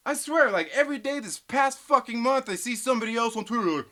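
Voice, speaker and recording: A man with a bright, forward voice rants through a live stream, cursing constantly as he reads chat messages aloud. He jumps from loud outbursts to low muttering. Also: lively intonation, fast talker. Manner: swearing, ranting, heated. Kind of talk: profane live stream rant, reading chat.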